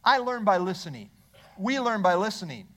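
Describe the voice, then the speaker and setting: A man's voice: high voice, big pitch swings, normal speed, a bit bright. A male pastor preaching a sermon in church, asking the congregation rhetorical questions.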